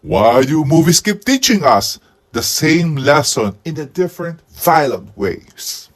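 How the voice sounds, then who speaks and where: A man giving a comic movie review in a husky head costume, with deadpan jokes and sudden outbursts. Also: on the high side, a little slow. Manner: speaking while wearing a husky head costume.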